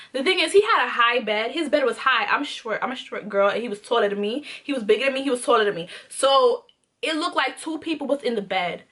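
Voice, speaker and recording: Young woman vlogger, high-pitched, bright and animated, swears freely, hammers points by repeating them. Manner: animated, profane, repeats lines for emphasis. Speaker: storytime YouTuber. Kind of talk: casual storytime vlog.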